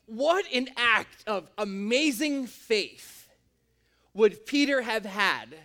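A man's voice: sing-song, takes it slowly, pushed and bright. A young man preaching a sermon to a room, in a conversational way, acting out quotes with sudden jumps in his voice. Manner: conversational, acts out quotes with big pitch jumps. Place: in a room with an audience.

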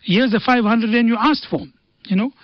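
Here a man with a very high voice talks at normal speed as a guest in a radio studio. His earnest storytelling about faith and family includes Arabic sayings, captured in a dull, dry recording.

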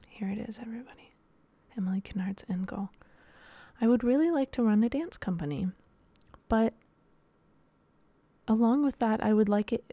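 A woman's voice: medium pitch, dark tone, dry recording. A young woman hosting a casual solo podcast, talking in a rambling, chatty way with lots of fillers. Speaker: podcast host and dance teacher.

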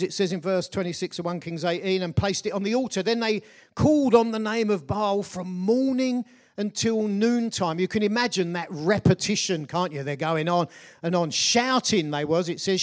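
Male preacher with a fairly high voice who tells scripture as a story and keeps questioning the congregation. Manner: retells scripture as a lively story, asks the listeners questions. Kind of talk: conversational sermon.

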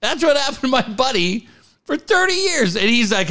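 A man's voice: very high-pitched, big pitch swings, normal speed, sharp tone. A man from Cardiff telling a story in casual chat, profane, laughing and acting out the voices.

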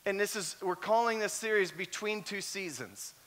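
A man's voice: sits high, moderate pace. A man preaching a sermon, telling personal stories with animation and often doubling his words as he goes. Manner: animated storyteller who often repeats words. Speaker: pastor.

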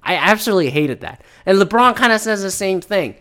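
A man with a somewhat high-pitched voice rants in a heated, profane, casual way. He keeps slipping into mocking voices to imitate others. His delivery is loose and worked up. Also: lively intonation, fairly quick, fairly bright tone. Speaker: commentator. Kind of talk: ranting casual commentary.

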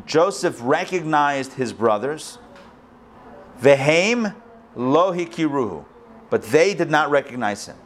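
Rabbi guy teaching a live class, swings up and down a lot, slightly high voice. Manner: animated storytelling, acts out quoted lines. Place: school hall, recorded live.

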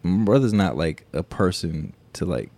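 Low, mellow-voiced man telling a story. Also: normal speed. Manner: animated storyteller, profane, acts out quotes. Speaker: podcast co-host. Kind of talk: casual storytelling chat.

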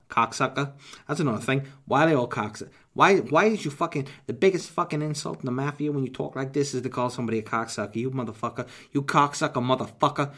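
A man's voice: medium pitch, fairly bright tone. Profane, joking man hosting a podcast. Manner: profane, joking, slips into impressions. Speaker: podcast host. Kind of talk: casual rambling chat.

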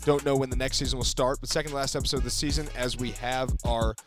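A man co-hosting a podcast in energetic, talkative casual chat on a close mic. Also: medium pitch, quick pace, over music. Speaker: podcast co-host.

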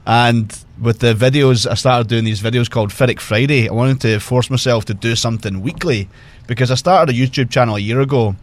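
A man's voice: mid-range voice, brisk. A man telling casual stories as a guest on a podcast, often laughing as he talks. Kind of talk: casual storytelling.

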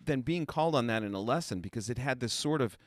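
A man co-hosting a podcast, telling a story in casual chat with quick asides. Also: medium pitch, animated, no echo, clean studio sound. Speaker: co-host.

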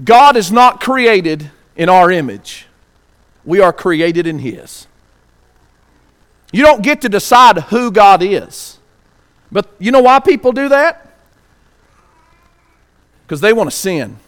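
Pastor with a high voice, preaching and questioning his listeners. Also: very animated, fairly bright tone. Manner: reads scripture aloud slowly. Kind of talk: sermon.

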